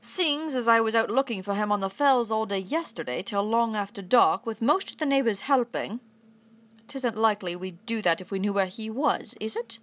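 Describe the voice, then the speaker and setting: A woman's voice: animated, normal speed, fairly bright tone. A woman voicing a blunt, stubborn middle-aged farmer father, reading a storybook aloud. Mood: stern. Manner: blunt, rumbling, defiant.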